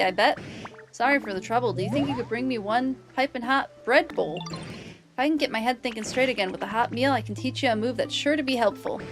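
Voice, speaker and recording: A woman's voice: sits high, close to an everyday voice. A woman voicing a drowsy, folksy sea serpent with a Southern US drawl, reading game dialogue aloud. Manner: drawling, old-timey folksy talk.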